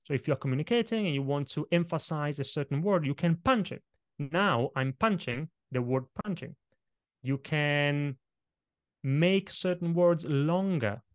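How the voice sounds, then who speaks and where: Non-native english guy, coach, punches words hard, mid pitch, dry close sound. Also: dry recording. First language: not English. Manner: energetic, varied emphasis, punches and stretches words. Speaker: presentation coach guest. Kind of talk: podcast interview, explaining tips.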